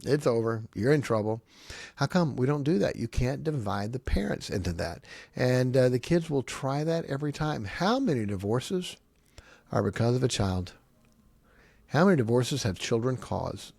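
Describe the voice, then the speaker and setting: Emphatic gravelly-voiced man preaching. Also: mid-range voice, normal speed, no echo. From grew up on a farm. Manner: emphatic, repetitive, lively with short punchy phrases. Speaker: podcast host giving family advice. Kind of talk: preaching-style advice talk.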